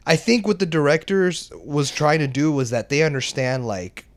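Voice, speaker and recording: A man's voice: on the high side, normal speed. A man co-hosting a podcast, talking casually about a film with many fillers and some swearing. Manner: laid-back, filler-heavy, profane. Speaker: podcast co-host. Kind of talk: casual chat, movie review.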